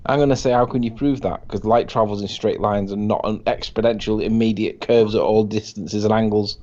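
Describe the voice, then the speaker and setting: A man's voice: fairly low pitch, steady tone, a little fast, a little mellow, muffled recording. A man in an online debate, insistent and skeptical, pressing his objections. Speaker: debate participant.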